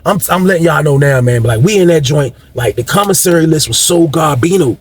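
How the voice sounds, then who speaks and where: A man's voice: a little high, animated, fairly quick, husky. A man casually telling a long story in a rambling, slangy way, addressing his listeners directly.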